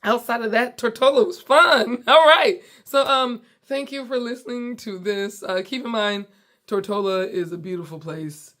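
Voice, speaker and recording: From the basement of her home, an American woman who hosts a comedy show chats animatedly and casually through a story, often breaking off partway through sentences. She sounds a little high and speaks at normal speed.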